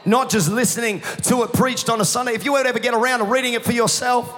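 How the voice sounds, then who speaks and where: A male pastor preaching a passionate sermon that builds into shouts, his voice going hoarse. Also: very high voice, steady tone, fast talker, in a large hall. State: losing his voice. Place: church hall. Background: music playing underneath.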